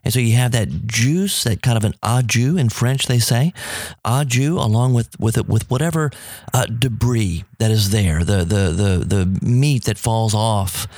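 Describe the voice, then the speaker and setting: Excitable New radio host, man. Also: a little slow, no room sound, studio quality. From New Orleans. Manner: enthusiastic, rambling, pitch jumps when excited. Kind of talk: radio talk about food.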